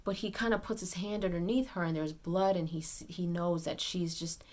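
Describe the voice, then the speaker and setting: Woman excitedly recapping a movie plot. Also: on the low side, normal speed. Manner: excited retelling, acts out characters' lines; rambling with fillers and restarts. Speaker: movie reviewer. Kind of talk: casual spoiler movie recap.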